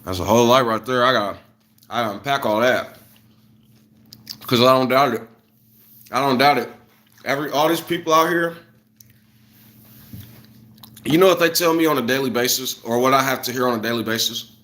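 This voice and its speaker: A young man from Illinois rants to his stream in a bright, tense voice of middle pitch. His talk is loose and animated, with loud bursts that fall back into muttered asides. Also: normal speed, pauses often. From Illinois, USA. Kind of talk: casual livestream rant.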